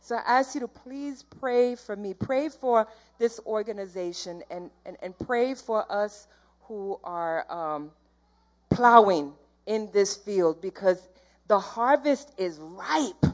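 A woman's voice: mid-range voice, expressive, takes it slowly. A woman giving a church testimony in an earnest, heartfelt, rambling way, jumping around in her story.

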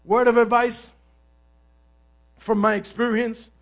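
A male pastor preaching a sermon, telling stories with lively energy, calling out to the congregation and sometimes shouting. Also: very high-pitched, slow. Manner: animated storytelling, asks the crowd "amen?", bursts of shouting.

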